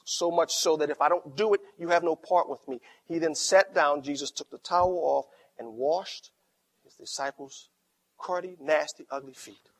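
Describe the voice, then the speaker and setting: A middle-aged man preaches as pastor in a fairly high voice. He drops to near quiet in his stories, then rises into loud, emphatic lines. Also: normal speed. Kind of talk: sermon.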